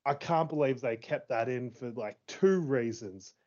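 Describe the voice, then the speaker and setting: An excitable man in his thirties chats casually as a co-host, swearing and laughing between thoughts. He talks in an unhurried, drawn-out way. The sound is dull and lo-fi. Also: medium pitch. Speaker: podcast co-host. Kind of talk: casual chat.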